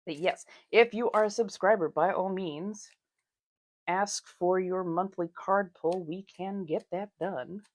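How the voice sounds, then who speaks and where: A woman's voice: on the low side, a little slow, darkish tone, no room sound. A woman hosting a casual livestream, chatting with viewers, laughing often and calling them darlings. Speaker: livestream host.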